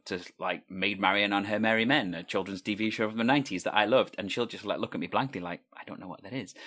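Man, from Wales, neutral British accent, low voice, relaxed anecdotes, chuckles. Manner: relaxed storyteller, laughs mid-sentence. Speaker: podcast host. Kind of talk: casual chat.

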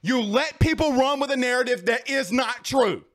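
A high-pitched man delivers a heated sports rant straight to his listeners. He repeats himself for emphasis and keeps pushing his point in a casual, talk-show way. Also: expressive, moderate pace, fairly bright tone. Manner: heated, repetitive, talks straight at the audience. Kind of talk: casual ranting commentary.

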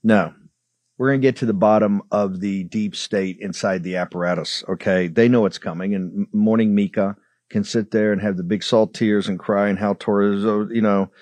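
A man hosting a political talk show, delivering fiery commentary in a combative, sarcastic, rapid-fire way. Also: lowish voice, fairly even intonation, a little mellow, no echo.

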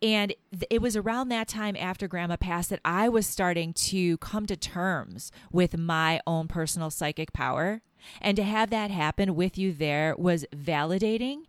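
Lower-pitched woman co-hosting a chatty podcast. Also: normal speed, clean tone, dry recording. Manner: storytelling, animated retelling of quotes. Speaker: podcast co-host. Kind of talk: casual chat.

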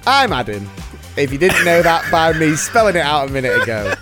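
Animated man hosting a podcast. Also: a little high, a little fast, soft background music. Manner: jokey and playful, laughs often. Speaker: podcast host. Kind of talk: casual podcast chat.

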